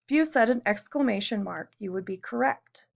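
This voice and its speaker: A woman's voice: a little high, lively intonation, moderate pace, vocal fry. A woman teacher giving a recorded classroom lesson, explaining patiently step by step and posing questions to her students. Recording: dull lo-fi recording.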